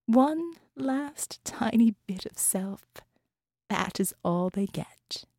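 A woman voiceover artist reading dark fiction as narrator, slow and hushed, often sinking to a whisper. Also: fairly high pitch, expressive, no echo, clean studio sound.

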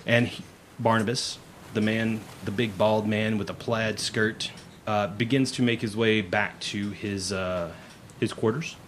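A man's voice: lowish voice, fairly even intonation, a little slow, slight background noise. A man narrating a tabletop game as game master, in a casual, rambling way with frequent self-corrections.

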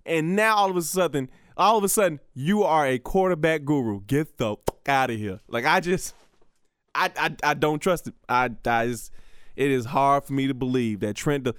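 A man's voice: a little high, lively intonation, moderate pace, smooth, dry recording, clean studio sound. A man hosting a solo podcast, rambling and profane, with lots of restarts. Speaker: podcast host. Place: radio station studio.

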